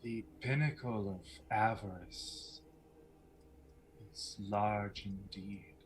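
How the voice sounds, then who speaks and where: A man voicing a scarred former queen who speaks in a soft, slow, menacing hush. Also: lowish voice, fairly even intonation, a little hiss or hum, voice pushed down, low-quality recording.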